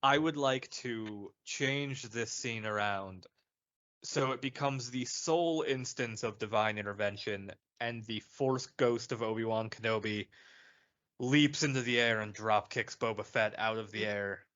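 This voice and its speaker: A man's voice: fairly low pitch, measured pace, fairly bright tone. A man co-hosting a comedy podcast, riffing on the movie with wry, profane jokes. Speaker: podcast co-host. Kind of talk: casual comedic podcast chat. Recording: dull lo-fi podcast audio.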